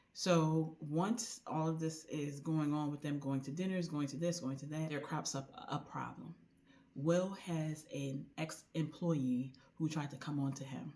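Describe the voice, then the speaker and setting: A woman talks through a novel's plot in a relaxed, conversational vlog. She keeps it loose and colloquial, and slips into lively voiced lines for the characters. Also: low voice, a little slow. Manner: chatty, animated retelling with voiced quotes; colloquial with frequent "like" and "you know". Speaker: book reviewer. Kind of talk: casual book recommendation vlog.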